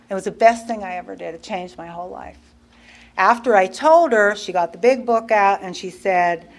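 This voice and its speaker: A lively middle-aged woman tells a personal recovery story in a relaxed, conversational way. She voices the people in her story and laughs easily. Her voice sits at a middling pitch. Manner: animated, laughs often, acts out quoted dialogue. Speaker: guest speaker. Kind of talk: recovery share, casual storytelling.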